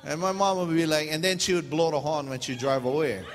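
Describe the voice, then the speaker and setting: Brisk and a little high-pitched, a middle-aged man from Hawaii preaches a storytelling sermon in Pidgin-tinged English. His animated, comic tales are punctuated by his own laughter, and the recording carries a long hall reverb with faint noise behind.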